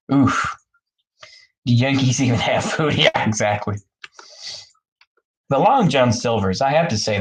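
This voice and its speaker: A man's voice: mid-range voice, low-quality recording. Rambling man chatting casually with viewers. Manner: rambling, laughs often, many fillers. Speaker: streamer talking to chat. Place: bathroom, in the bathtub.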